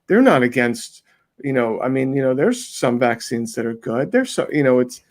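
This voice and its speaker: A man's voice: mid-range voice, big pitch swings, normal speed, a little mellow. A man talking casually as an interview guest, rambling with many restarts. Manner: rambling, many restarts, mimics people he describes. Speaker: interview guest, undercover video maker.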